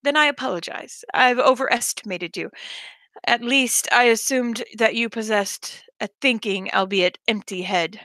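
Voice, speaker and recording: A woman's voice: on the high side, moderate pace, pushed and bright, no room sound. A woman voicing a haughty young man who sneers at others' manners, with a sarcastic, cutting delivery.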